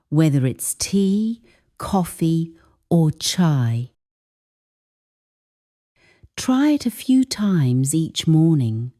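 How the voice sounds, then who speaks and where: A woman narrates a scripted English lesson, explaining each phrase slowly and deliberately. Her voice is low and mellow, and her pitch moves a lot. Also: big pitch swings. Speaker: English teacher.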